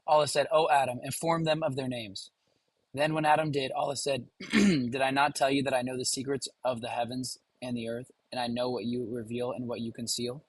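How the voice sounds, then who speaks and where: A man's voice: mid-range voice, steady tone, fairly quick, husky, rough recording. A man hosting a reaction video, reading a passage aloud and talking casually to his viewers. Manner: informal, addresses viewers directly.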